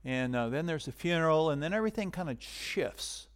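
A man preaching a sermon in a conversational way, rising to loud emphasis and dropping to hushed whispers. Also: fairly high pitch, expressive, fairly quick. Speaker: pastor.

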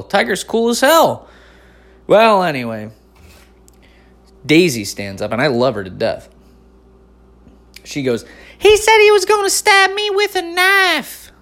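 A stand-up comedian man from North Carolina telling a long personal story, swearing often and swinging between loud outbursts and mumbled asides. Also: on the high side. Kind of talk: profane comic storytelling.

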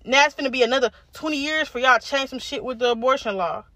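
A woman's voice: sits high, quick pace, pushed and bright, no echo. A woman of about twenty hosting a podcast alone, ranting angrily and bluntly with heavy swearing. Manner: angry, profane, blunt. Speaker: podcast host. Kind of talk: casual solo rant.

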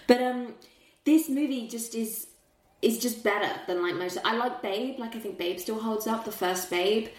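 A woman's voice: fairly high pitch, moderate pace. A young adult woman in casual film chat, telling the story with big emotional swings and laughs. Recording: roomy echo.

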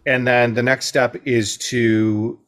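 A man co-hosting a parenting workshop, sums up the points, affirms what is said and drops to a hush for example lines. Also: mid-range voice, flat delivery, takes it slowly. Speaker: workshop co-host. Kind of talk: workshop talk.

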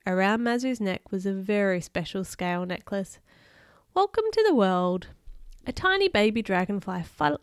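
A woman with a mid-range, clean voice hosts a podcast where she reads a picture book aloud and chats playfully with a child. The studio sound is clean, with no echo.

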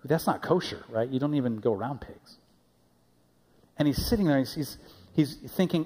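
A man's voice: fairly high pitch, lively intonation, normal speed, dark tone, long reverb tail. A man preaching a sermon in a conversational way, often repeating his words as he goes. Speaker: pastor. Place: church sanctuary.

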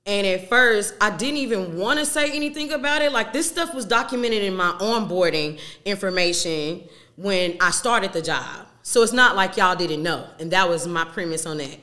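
A woman's voice: medium pitch, moderate pace, sharp tone. A young woman talking candidly to her listeners in a casual, emphatic way, with slang and swearing. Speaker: podcast host.

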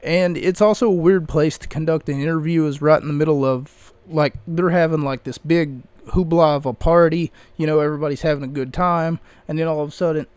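Man, podcast host, slightly high voice, dry close mic, rambling casual chat. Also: steady tone, brisk, few pauses, darkish tone, clear, resonant tone, no room sound. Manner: rambling, chatty, frequent fillers. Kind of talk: casual solo commentary. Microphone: close microphone.

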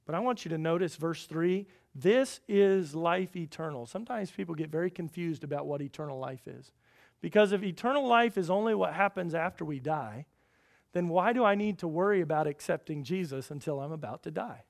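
Male pastor, high voice, emphatic sermon delivery with repeated phrases. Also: expressive, fairly quick, gravelly.

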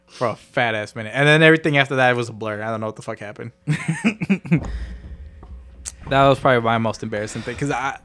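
A man's voice: medium pitch, fairly quick, long pauses, fairly bright tone. A young man co-hosting a podcast, telling a childhood story in a profane, laughing way. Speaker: podcast co-host. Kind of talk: casual storytelling chat.

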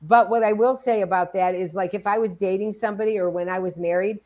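A woman in her sixties co-hosting a podcast, telling stories in a casual, animated way. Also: mid-range voice, fast talker. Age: 60s. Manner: animated storytelling, acts out quoted dialogue. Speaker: podcast co-host. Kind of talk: casual conversation.

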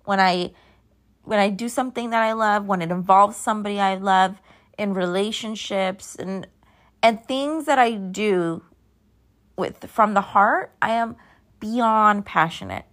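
Speaking at a measured pace, this woman in her thirties has a medium-pitched, fairly bright voice. She's a podcast host doing a casual solo chat, sleepy and yawning, her talk meandering off course.

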